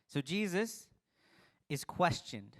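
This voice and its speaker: Pastor preaching in a casual, storytelling way. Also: male voice, sits high, big pitch swings, slow, fairly bright tone. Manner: conversational, acts out quoted dialogue. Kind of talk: casual sermon.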